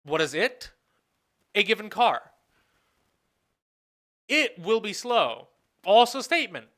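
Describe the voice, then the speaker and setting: A professor takes it slowly in a recorded whiteboard lecture, voice lively and bright with pitch ranging up and down. They ask the class questions and answer them, reasoning aloud and restating phrases mid-sentence.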